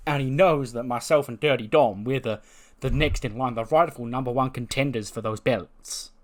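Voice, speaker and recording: A man's voice: medium pitch, moderate pace, lightly acted. Cocky male wrestler, boastful, showman, hosting his own segment, put on by a man.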